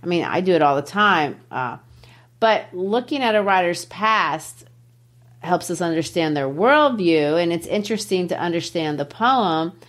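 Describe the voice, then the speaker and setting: Animated woman teacher explaining a poem. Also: lowish voice, measured pace. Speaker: literature teacher and podcast host. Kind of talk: explaining a poem in casual podcast talk.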